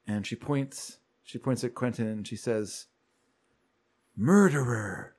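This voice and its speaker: This man speaks at medium pitch and normal speed, a podcast co-host casually walking through a show's plot. His storytelling is lively, and he voices the characters' lines himself.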